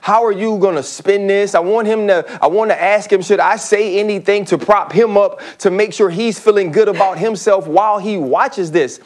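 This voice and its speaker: A man's voice: high-pitched, normal speed, few pauses. A man talking as a studio sports analyst, emphatic and joking, with preachy bursts. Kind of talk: animated studio sports talk.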